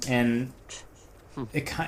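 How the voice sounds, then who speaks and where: A man's voice: medium pitch, steady tone, drawn-out words, crowd noise. A man casually co-commentating a video game, laid-back and riffing along with jokes. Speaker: let's play co-commentator.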